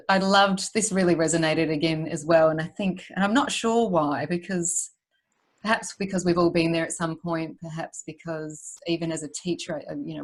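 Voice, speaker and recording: A woman podcast host, chatting casually and listening attentively. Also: low-pitched. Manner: attentive, frequent affirming murmurs. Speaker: podcast host, forest school co-founder. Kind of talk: casual interview conversation.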